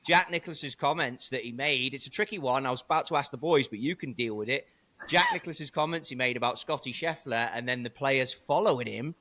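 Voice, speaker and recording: A man hosting a golf podcast, chatting in a playful, animated, slangy way. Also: medium pitch, a little fast. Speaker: podcast host. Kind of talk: casual podcast banter.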